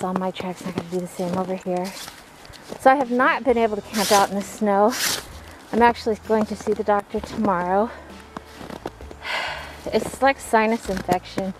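A woman's voice: medium pitch, normal speed, long pauses. A woman chatting to herself on a snowy outdoor vlog, breathless and laughing often. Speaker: vlogger. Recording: noisy outdoor recording.

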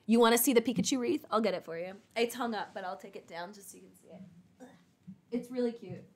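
A woman's voice: a little high, fast talker. Rambling, casual woman chatting with viewers. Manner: rambling, fillers like "like", casual swearing. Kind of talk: casual chat.

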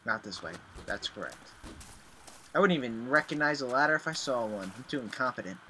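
A young man commentating as he plays a horror game, excitable, with sudden yelps and shouts. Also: mid-range voice, fairly quick, slight background noise. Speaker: gaming video host. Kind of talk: let's play commentary.

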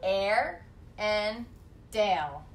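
A woman in her thirties teaching an online kindergarten phonics lesson from home, prompting words with bouncy, clearly enunciated delivery. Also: medium pitch, sing-song, extremely slow, a little hiss or hum. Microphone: phone camera. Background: guitar played alongside.

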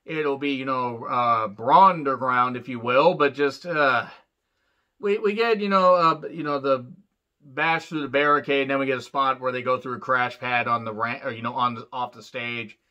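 A man's voice: medium pitch, moderate pace, pushed and bright. A man giving a casual, profane, sarcastic rant reviewing a show, rambling loosely as he talks. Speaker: wrestling reviewer. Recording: dull lo-fi sound.

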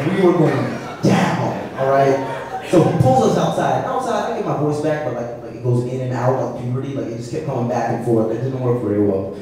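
A male stand-up comedian telling an animated, self-mocking story live at a comedy venue. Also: medium pitch. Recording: echoey room heard from a distance.

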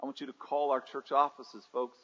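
A man's voice: medium pitch, flat delivery, fairly quick, bright, forceful tone. A pastor preaching a sermon, calling on his congregation to answer him back and rising and falling in intensity. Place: church sanctuary. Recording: dull livestream audio in a reverberant sanctuary.

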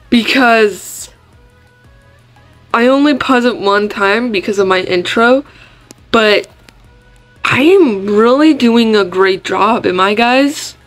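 A young woman giving casual commentary on her game, chatty and quick to get startled, talking to her viewers. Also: mid-range voice, fairly bright tone. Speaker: gaming vlogger.

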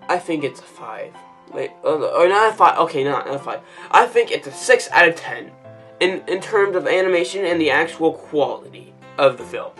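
Young guy ranting through a movie review, trips over his words a lot, faint music under it. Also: sits high. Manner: excitable, ranting, stumbling restarts. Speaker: YouTube reviewer.

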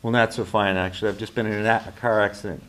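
A man reading the lines of a shaken middle-aged woman stranded after a car accident, in a quiet, understated way. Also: fairly low pitch, fairly even intonation, quick pace, a little hiss or hum, natural voice.

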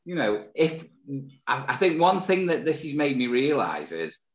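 A man's voice: medium pitch, sing-song, normal speed. A man co-hosting a podcast, chatting casually with rambling restarts and jokes. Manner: rambling, restarts words, joking. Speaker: podcast co-host.

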